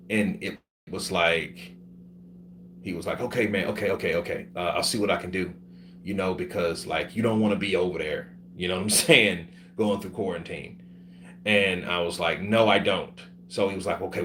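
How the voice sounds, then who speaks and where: A man with a fairly low voice tells his story casually and swears freely. He is sick, and he acts out the people he talks about. A faint hum runs behind him. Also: moderate pace. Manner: profane, animated, acts out other people's voices. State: sick with covid. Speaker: vlogger telling his travel story.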